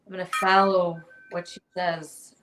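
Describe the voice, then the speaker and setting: A woman's voice: fairly low pitch, little pitch movement, a little slow, a bit bright, slight background noise. A woman co-hosting a casual podcast, giggly and self-deprecating, who takes jokes literally. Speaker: co-host. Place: home.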